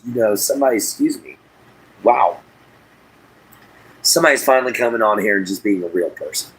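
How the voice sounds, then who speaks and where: A man's voice: lowish voice, moderate pace, pauses often, breathy edge, low-quality recording. Folksy man chatting on a livestream. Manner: folksy, drawling, reads chat aloud. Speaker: livestream host. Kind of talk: casual livestream chat. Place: inside an RV.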